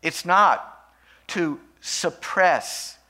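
A man's voice: on the high side, expressive, drawn-out words, bright, forceful tone. A male pastor preaching an emphatic sermon, telling stories to make his point.

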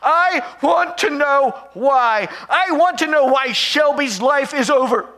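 A man acting out a grieving middle-aged mother who breaks into anguished, shouted rage. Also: very high-pitched, voice pushed up, heavily acted.

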